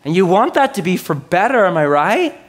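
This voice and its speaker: A man's voice: high-pitched, very animated, normal speed. A man in his thirties preaching a sermon in a loose, joking style, often checking in with his listeners. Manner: conversational, joking, asks the crowd often. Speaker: pastor.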